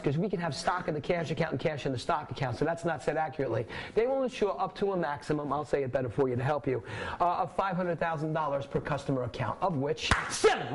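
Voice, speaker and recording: A man's voice: on the high side, slight background noise, rough recording. A man teaching a finance class in casual lecture style, telling stories and acting out dialogues with clients, often checking that the class is following. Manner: animated storytelling, acts out dialogues, quizzes the class. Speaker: finance instructor.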